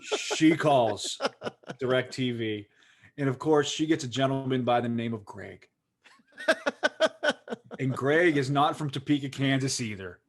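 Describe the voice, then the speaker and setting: Pittsburgh man, podcast co-host, animated rambling storyteller, middle-pitched voice. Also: measured pace, pauses often, slight background noise. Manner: rambling, animated, lots of "like" fillers. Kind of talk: casual storytelling chat.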